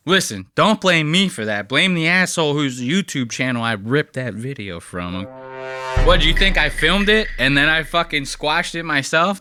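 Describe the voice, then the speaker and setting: A man's voice: on the high side, expressive, moderate pace, music in the background. A man hosting a reaction show, ranting with lots of swearing and mock outrage. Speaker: show host and editor. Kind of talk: reaction commentary over a clip.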